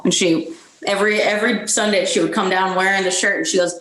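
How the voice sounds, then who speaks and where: A woman's voice: mid-range voice, steady tone, fast talker, a bit bright. A woman guest on a podcast who chats candidly and bluntly, laughing often. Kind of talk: casual conversation. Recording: echoey room sound.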